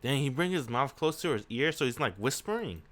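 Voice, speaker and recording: A man reading a visual novel aloud and reacting with excitable, sweary commentary, breaking into shouts. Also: mid-range voice, fairly quick. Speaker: video game reader. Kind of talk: casual let's-play commentary.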